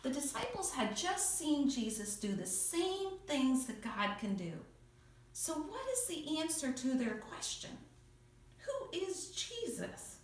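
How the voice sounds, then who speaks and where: Slow, expressive woman telling kids a Bible story. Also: high-pitched, slight background noise. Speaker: children's church teacher. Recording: echoey room from a distance.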